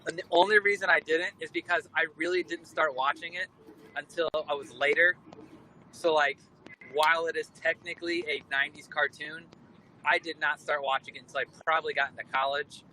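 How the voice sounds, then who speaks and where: A man in his thirties joining a chat by phone from a car, talking in an animated, jokey, rambling way. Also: on the high side, a little fast, low-quality recording. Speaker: guest. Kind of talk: casual chat. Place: in a moving car. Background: road noise.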